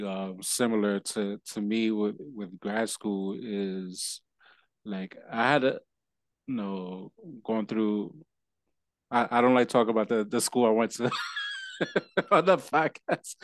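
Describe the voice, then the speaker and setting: Male podcast host, low voice, rambling and halting, dry close mic. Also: dry recording. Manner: rambling, halting restarts, laughs while venting. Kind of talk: casual conversation.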